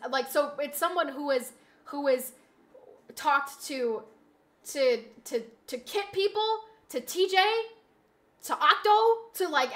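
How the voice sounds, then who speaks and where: Woman streamer with a bright, sharp voice; rambling and exasperated, prone to yelling outbursts. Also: high-pitched. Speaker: live streamer. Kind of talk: casual live-stream chat.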